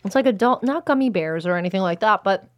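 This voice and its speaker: A woman's voice: mid-range voice, lively intonation, fast talker. A woman co-hosting a podcast chats casually, her words muffled as she talks with her mouth full. She laughs often and keeps an easy, conversational pace. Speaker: podcast co-host. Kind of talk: casual chat while tasting snacks. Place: small studio in a black box theater.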